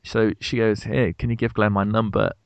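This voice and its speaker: A man's voice: moderate pace, no room sound, muffled recording. A British man in his thirties, telling a funny story in casual chat and acting out the quotes. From Britain. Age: 30s. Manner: animated storyteller, acts out quotes with big pitch jumps. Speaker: podcast co-host.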